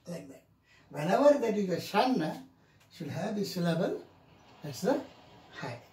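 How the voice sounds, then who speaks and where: A man teaching English pronunciation in a classroom lecture, saying each example word several times in a drawn-out, deliberate way. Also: sits high, very animated, darkish tone. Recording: echoey room.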